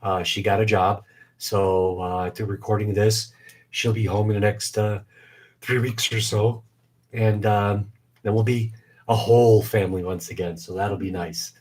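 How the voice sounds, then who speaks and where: Low flat-voiced man, short of breath. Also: measured pace. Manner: rambling, many fillers. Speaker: host of a live stream. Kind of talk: casual live-stream chat. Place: home basement shop.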